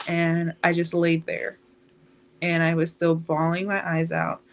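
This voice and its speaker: An eighteen-year-old woman, a podcast guest, telling a painful personal story in a halting, emotional way. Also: fairly low pitch, monotone.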